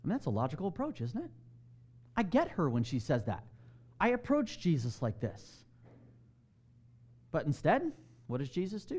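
Lively-voiced preacher man talking to a congregation. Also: on the high side, normal speed, long pauses, breathy edge. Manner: conversational preaching, asks the room questions. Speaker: pastor. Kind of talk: sermon.

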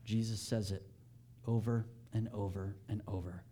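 Mellow-voiced pastor preaching animatedly. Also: male voice, moderate pace, a little hiss or hum. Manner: animated, rising in pitch and volume when stressing a point. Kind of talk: sermon.

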